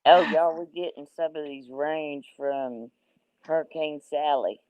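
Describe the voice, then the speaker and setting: A woman's voice: low-pitched, measured pace, no echo. A woman with a Southern US accent chatting on a livestream in a folksy, drawling way. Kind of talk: casual livestream chat. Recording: tinny phone-line call, dry.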